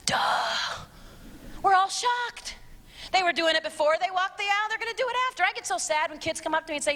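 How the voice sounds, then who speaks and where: A woman's voice: lively intonation, fast talker, sharp tone. Blunt middle-aged woman speaker in a big hall. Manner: blunt, sarcastic, swings to high exclaiming. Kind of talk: live talk to teens and parents. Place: church auditorium. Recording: long reverb of a large hall.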